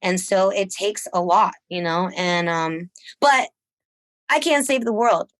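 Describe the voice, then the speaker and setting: Podcast guest, female, lively chatty delivery, dry close mic. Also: measured pace, no echo. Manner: animated, laughs often, acts out quotes in a higher voice. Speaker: guest, musician and volunteer. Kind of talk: casual storytelling.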